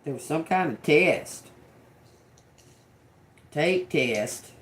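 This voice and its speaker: A man's voice: on the high side, expressive, extremely slow, a bit bright. A man doing a casual tarot reading, rambling and cursing, often repeating single words as they come to him. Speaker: tarot reader.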